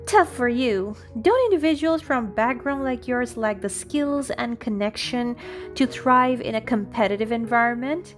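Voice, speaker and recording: A condescending female interviewer who pries and belittles, read in a woman narrator's own voice. The voice sits a little high. Faint music runs underneath. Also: animated, a little slow. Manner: dismissive, prying.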